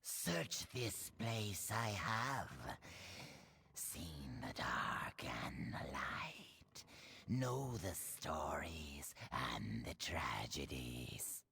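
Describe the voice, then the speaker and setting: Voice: a bass voice, very animated, very slow, sharp tone, full character voice. An actor playing an eerie, mournful ghost in a game, who talks in whispers with odd backward phrasing. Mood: ominous. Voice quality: whispery, gravelly. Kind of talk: video game voice acting.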